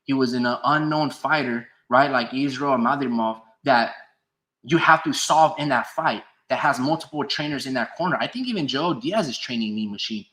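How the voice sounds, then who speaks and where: On a stream, a man delivers casual, profane boxing commentary, reading chat comments aloud and answering them. He gets heated and argues back at the chat. His mid-range voice moves at a normal speed with a fairly bright tone.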